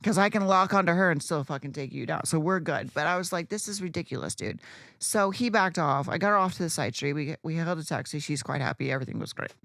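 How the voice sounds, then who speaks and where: A woman's voice: low-pitched, fast talker, gravelly, few pauses, a bit bright, dry recording, clean studio sound. A woman co-hosting a podcast, telling a story in casual chat, blunt and profane. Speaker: podcast co-host.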